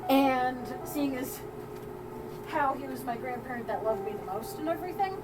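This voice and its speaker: This is a woman with a high, bright-toned speaking voice, telling a family anecdote during a live crafting stream. She rambles casually and doubles back on her words. She laughs easily as she goes. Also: moderate pace, noisy background. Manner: chatty and rambling, with frequent laughs and restarts. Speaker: soapmaker hosting a live stream. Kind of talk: casual storytelling while crafting.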